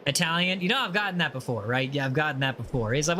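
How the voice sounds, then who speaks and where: A man hosts a laid-back gaming livestream, reading viewer messages aloud and joking with them. His voice sits high with a bright, forward edge, and a faint hiss of noise runs underneath. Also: lively intonation, fast, hardly any pauses. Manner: playful, teasing, reads viewer messages aloud. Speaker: livestream host. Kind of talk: casual chat while gaming.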